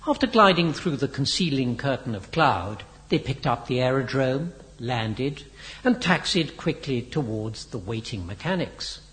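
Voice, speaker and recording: Slow, expressive male storyteller. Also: medium pitch, long reverb tail. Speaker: narrator. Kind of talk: audiobook narration.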